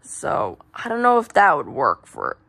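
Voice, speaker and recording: A woman's voice: low-pitched, huge pitch swings, measured pace, gravelly, fairly bright tone, breathy edge, full character voice. A woman voicing a rambling mechanic doctor. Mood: rambling advice. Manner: rambling, unsure, full of restarts.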